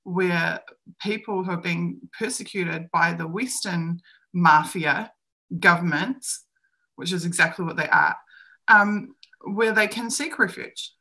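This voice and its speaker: A woman's voice: on the low side, slow pace, pushed and bright. A woman co-hosting a live-streamed discussion, speaking emphatically and acting out other people's lines as she argues her views. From New Zealand. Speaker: co-host.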